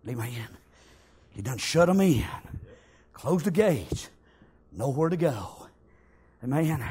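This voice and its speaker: A man preaching a sermon, acting out the story, shouting some lines and whispering others. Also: a little high, sing-song, takes it slowly, breathy edge.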